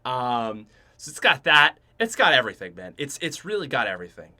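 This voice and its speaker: Here a young Canadian podcast host, speaking with a Canadian accent, rambles through a casual story with many fillers and restarts. He talks a little fast in a mid-range voice that's very animated, pushed and bright.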